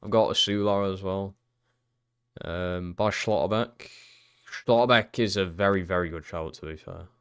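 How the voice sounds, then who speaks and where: A young man streaming a football career game, chatting casually and swearing freely, jumping into loud excited shouts at big moments. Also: deep voice, normal speed, clear, resonant tone. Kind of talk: live-streamed gameplay commentary.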